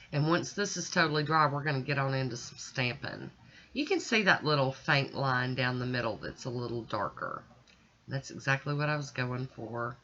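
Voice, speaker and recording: A woman's voice: low voice, pushed and bright. A woman vlogger chatting casually through a nail art tutorial and talking straight to her viewers in a folksy, homey way. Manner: chatty, folksy, talks to viewers while working. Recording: dull lo-fi recording.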